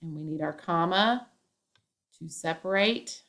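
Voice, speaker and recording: Woman teacher, lower-pitched, walks a class through punctuation step by step. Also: unhurried, a bit bright. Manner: step-by-step, acts out example lines with emphasis. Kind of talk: classroom grammar lesson.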